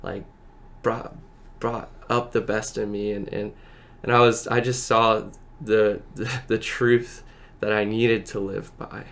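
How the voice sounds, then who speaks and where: Low, gravelly man sharing an earnest testimony. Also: little pitch movement, a bit bright. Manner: earnest and halting, heavy with filler words; emotional, close to tears at times. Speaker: podcast guest. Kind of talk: personal faith testimony in casual conversation.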